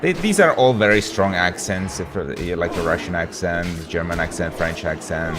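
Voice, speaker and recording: A man's voice: sits low, normal speed, over music. A man from Europe, a game streamer, chatting casually with his live audience in a rambling, laid-back way full of slang.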